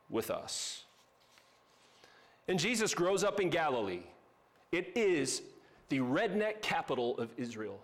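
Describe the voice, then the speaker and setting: A man preaching a sermon as pastor, conversational and emphatic, with casual asides. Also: a little high.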